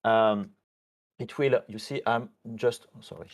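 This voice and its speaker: Non-native guy on a live stream showing off software features, lowish voice, lots of uh and sorry. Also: fairly even intonation. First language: not English. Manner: halting, many fillers and self-corrections. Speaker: software team member demonstrating features.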